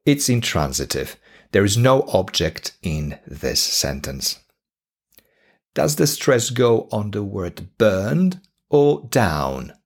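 A man with a Polish accent teaching an English lesson on a podcast, slow and deliberate, repeating each example sentence. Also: on the low side, big pitch swings, slightly rough.

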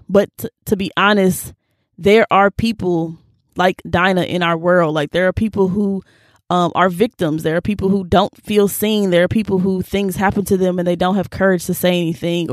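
A woman in her twenties talking earnestly and casually about a Bible story, lively when she quotes people and quieter when she shares her own life. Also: lowish voice, no room sound, studio quality. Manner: earnest and animated, slips into quoted voices, Southern-leaning casual speech. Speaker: faith vlogger. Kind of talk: personal Bible reflection, casual talk.

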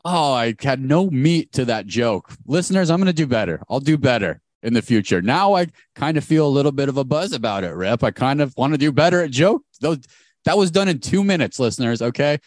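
A man co-hosting a podcast over a video call, telling stories in a fast, animated way. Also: medium pitch, no echo, studio quality. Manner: fast-talking, animated storytelling. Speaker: podcast co-host. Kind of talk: casual podcast chat. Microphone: remote call mic.

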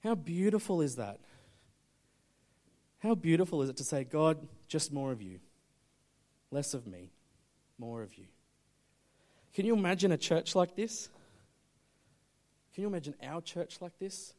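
A man preaching a sermon, telling a story and swinging between urgent loud appeals and hushed, intense moments. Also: on the high side, big pitch swings, moderate pace, pauses often. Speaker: pastor.

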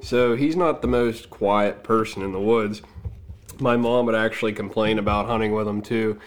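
A man's voice: fairly low pitch, steady tone, moderate pace. A man as a podcast guest, casually telling stories in an easygoing, anecdotal way. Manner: easygoing, anecdotal, laughs at his own stories. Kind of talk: casual storytelling.

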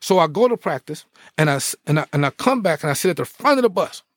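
A middle-aged man, a former pro athlete, telling his life story in a podcast interview with animated, preacher-like energy. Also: a little high, quick pace, no room sound, studio quality. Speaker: guest, former pro football player.

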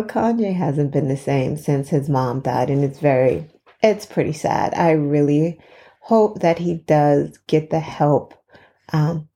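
A woman hosting a podcast, telling a story in a casual, chatty way, laughing between phrases and pausing for effect. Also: low voice, dark tone. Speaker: podcast host.

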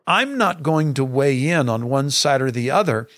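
Earnest preaching pastor, dry close sound. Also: male voice, medium pitch, lively intonation, moderate pace, fairly bright tone, dry recording. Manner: earnest and emphatic, preacher cadence. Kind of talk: podcast talk to fellow pastors.

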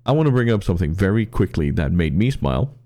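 Low raspy-ish guy on a podcast, lively swoopy voice, dark tone, tells stories casually. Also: fast. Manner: rambling storyteller, acts out quotes, repeats words. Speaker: podcast co-host. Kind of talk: casual chat.

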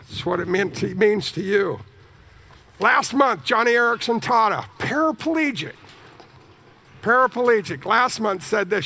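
Animated, gravelly high-voiced preacher man. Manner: animated, jokey, sings snippets of hymns. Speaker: pastor. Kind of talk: sermon.

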